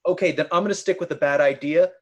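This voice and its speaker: A man's voice: fairly high pitch, fast, highs cut off. A man playing a tabletop game, joking and thinking aloud. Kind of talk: casual chat.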